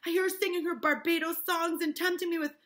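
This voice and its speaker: A woman reading aloud and voicing a scheming teenage girl accused of witchcraft, speaking high and pleading. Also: steady tone, quick pace, a bit bright. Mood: accusing.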